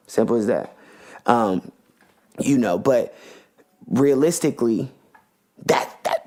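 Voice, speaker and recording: A man delivering a podcast monologue, heated and full of slang and swearing. His voice sits at an ordinary middle pitch for a man. He keeps the talk loose and worked up, like a host venting to his listeners. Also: a little mellow. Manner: impassioned, profane, slangy ranting.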